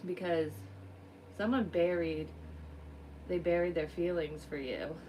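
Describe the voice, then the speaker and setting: A woman's voice: lowish voice, fairly even intonation, a little slow, warm tone, far from the mic, a little hiss or hum, rough recording. A woman working as a psychic medium gives a casual card reading, rambling, frank and swearing freely.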